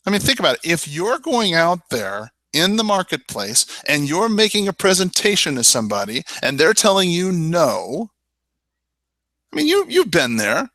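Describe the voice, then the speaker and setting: A man teaching sales in a webinar, with a slightly high, very lively voice that swings widely in pitch. His tone is bright and punchy, and he talks straight at the listener with rhetorical questions. The sound is close and dry. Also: moderate pace, dry recording. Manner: emphatic, persuasive, repeats "I mean" and "you know". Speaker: real estate sales trainer.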